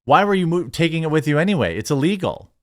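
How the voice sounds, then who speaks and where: A man's voice: on the high side, very animated, quick pace. A man hosting an online commentary video, reading article excerpts aloud and answering them with mocking, indignant remarks. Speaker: commentary channel host.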